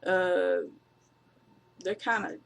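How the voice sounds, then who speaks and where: Gravel-voiced casual wrestling reviewer. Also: medium pitch, extremely slow, a bit bright. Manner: rambling, offhand, with fillers and laughs. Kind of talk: casual spoken recap.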